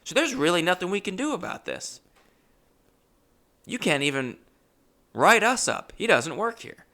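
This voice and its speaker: A man doing a fed-up, high-voiced tattoo shop boss. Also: big pitch swings, unhurried, pushed and bright, heavily acted. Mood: exasperated. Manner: blunt, fed-up, emphatic.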